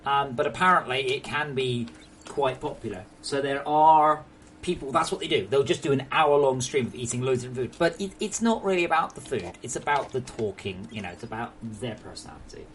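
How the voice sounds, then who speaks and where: A man's voice: medium pitch, animated, fairly quick, fairly bright tone, slight background noise. Chatty young English man streaming. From England. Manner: chatty, joking, swears freely. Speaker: game streamer. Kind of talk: casual live-stream chat.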